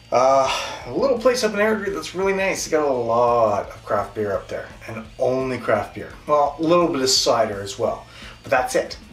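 Rambling Canadian man in an echoey room. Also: mid-range voice. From Western Canada. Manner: rambling, chatty, self-deprecating. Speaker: beer reviewer, show host. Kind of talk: casual video review. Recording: echoey room, distant mic, faint music.

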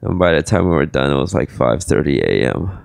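A tired, groggy man co-hosting a casual podcast chat with a dry, deadpan delivery. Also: a bass voice, fairly quick, vocal fry, no echo. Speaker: podcast co-host.

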